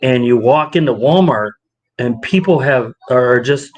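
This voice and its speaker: The audio is poor as a man co-hosts a casual podcast, unhurried in his delivery. He narrates with plenty of energy, animatedly voicing quotes with his pitch rising.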